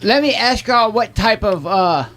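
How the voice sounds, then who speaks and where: A man's voice: high voice, expressive, a little slow, a bit bright. A man hosting a live studio music show, chatting casually and laughing with his guests. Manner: casual, laughing, drawling banter. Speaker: radio show host. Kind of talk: casual chat.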